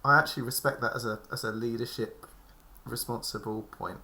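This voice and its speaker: A man with a bright, forceful voice at an ordinary pitch, trading quick banter around a tabletop game. He jokes constantly and breaks into laughter often. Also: fairly even intonation. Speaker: player. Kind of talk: tabletop role-play banter.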